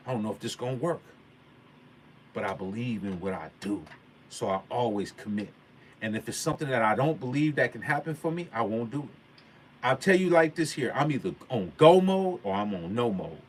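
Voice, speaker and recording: A man's voice: medium pitch, expressive, brisk. Emphatic man telling a motivational story. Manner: emphatic, preachy, repeats key points; casual slangy speech. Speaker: vlogger.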